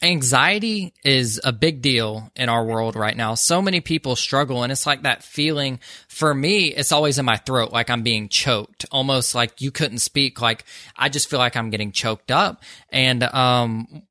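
A man's voice: mid-range voice, a little slow, few pauses, bright, forceful tone, no echo, clean studio sound. A young man hosting an interview, earnest and affirming as he asks questions and shares his own story. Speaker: podcast host. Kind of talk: interview conversation.

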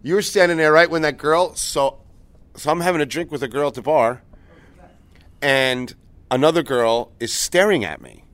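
A man's voice: a little high, moderate pace, fairly bright tone, no room sound. A man who works as a chef, co-hosting a podcast in casual chat full of swearing and jokes. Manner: profane, wisecracking, bursts into laughter. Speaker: podcast co-host, restaurant chef. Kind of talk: casual chat, crude banter.

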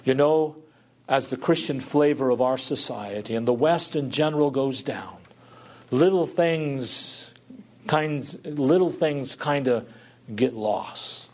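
A male pastor delivers a sermon at an ordinary, mid-range pitch for a man. He reads a scripture passage aloud and then expounds on it. His manner is earnest and reflective. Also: slow, a little mellow.

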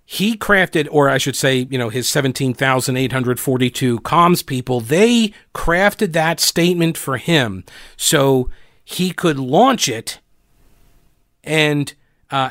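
A man's voice: mid-range voice, fairly bright tone, no room sound, studio quality. A man hosting a political commentary show, talking in a sarcastic, mocking way with frequent restarts. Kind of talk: opinionated commentary.

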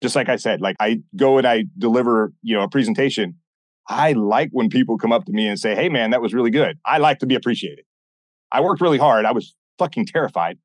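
A man guesting on a podcast, telling stories in a blunt, animated way and acting out what people said. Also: mid-range voice, quick pace, no room sound. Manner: animated, blunt, swears often, acts out quoted dialogue. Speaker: podcast guest, former military instructor. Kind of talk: casual interview storytelling.

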